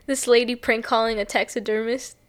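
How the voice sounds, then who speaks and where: A woman with a somewhat high voice, co-hosting a relaxed podcast. She laughs easily and tells stories in a chatty, animated way. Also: a little fast. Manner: giggly, chatty storyteller. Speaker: podcast co-host. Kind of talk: casual chat.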